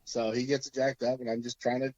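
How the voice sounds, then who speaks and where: A man from Oregon tells a shop story as a podcast guest, easygoing and laughing through the rough parts. His voice sits at an average pitch. The sound is dull, lo-fi, and dry. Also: little pitch movement, quick pace, darkish tone, no echo. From Oregon, USA. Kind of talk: casual storytelling.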